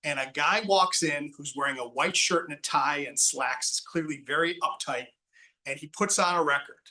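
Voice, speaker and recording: A man's voice: fairly high pitch, moderate pace, bright, forceful tone, distant mic, rough recording. A man moderating a panel discussion in a casual, rambling way with frequent restarts.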